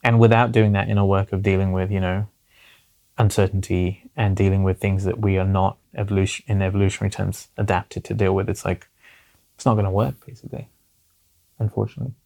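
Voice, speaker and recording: A man in his forties speaks as an interview guest, his voice pitched low and roughened by steady fry. He talks earnestly and thinks aloud, leaning on small fillers as he works through his points. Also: a little fast. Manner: earnest, repeats "basically" and "you know". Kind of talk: reflective conversational interview.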